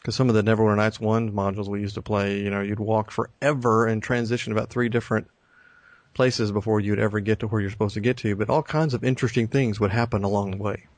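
Easygoing low-voiced podcast co-host. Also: male voice, little pitch movement, fast talker, dry recording. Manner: enthusiastic, easygoing, says cool a lot. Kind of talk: casual chat.

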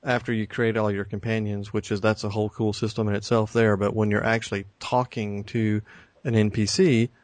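A man with a fairly low voice chats as co-host on a gaming podcast. He sounds upbeat and easygoing and often calls things cool. The recording is dry, with little room sound. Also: little pitch movement, fairly quick, no room sound. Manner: enthusiastic, easygoing, says cool a lot. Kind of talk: casual chat.

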